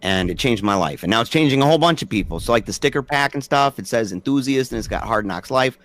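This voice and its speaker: A man's voice: mid-range voice, lively intonation, quick pace, fairly bright tone. A man in his forties, a podcast guest telling stories casually and acting out quoted dialogue with animation. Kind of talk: casual storytelling conversation.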